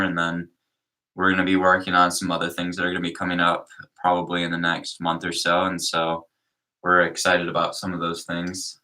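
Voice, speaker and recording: Young man, very low voice, bright tone, youth pastor, casual livestream chat, easygoing. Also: distant mic. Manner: easygoing, rambling with fillers.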